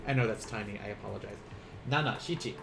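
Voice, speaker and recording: A man with a fairly low, creaky voice talks fast against a noisy background while teaching a casual online language lesson. He counts strokes aloud as he writes, chats freely, jokes at his own expense and laughs often.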